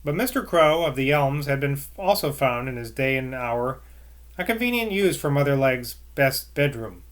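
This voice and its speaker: A man's voice: mid-range voice, lively intonation, moderate pace, a bit bright. A man reading a novel aloud nightly, adding casual asides between passages. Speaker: reader.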